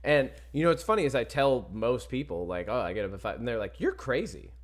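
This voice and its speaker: A man hosts a podcast in easy, joking conversation, often breaking into laughter. His voice is mid-pitched and very animated, rising and dropping a lot. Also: fast talker. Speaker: podcast host. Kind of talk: casual podcast chat.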